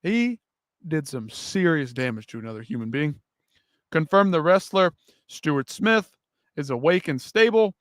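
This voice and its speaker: A man's voice: fairly high pitch, animated, measured pace, dry recording, clean studio sound. A man hosting a live fight-news stream, ranting and swearing in heated commentary. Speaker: MMA news show host.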